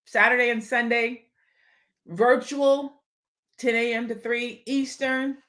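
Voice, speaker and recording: A woman co-hosting a casual chat, conversational and relaxed, closing out with announcements. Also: on the high side, takes it slowly. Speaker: co-host.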